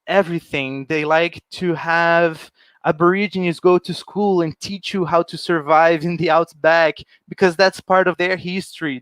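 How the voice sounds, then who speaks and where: A man's voice: a little high, a bit bright, smooth, no echo. A young man from Brazil, giving a friendly, enthusiastic presentation while walking through slides. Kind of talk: informal presentation.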